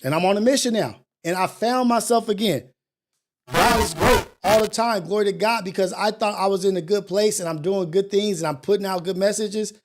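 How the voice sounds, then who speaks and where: A man's voice: high-pitched, a little fast. A middle-aged man hosting a morning show, giving a blunt, profane, self-mocking motivational monologue.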